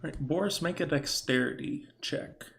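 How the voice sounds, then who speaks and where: A man running a tabletop game as game master, explaining the scene in a relaxed, casual way. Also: on the high side, normal speed, a little hiss or hum.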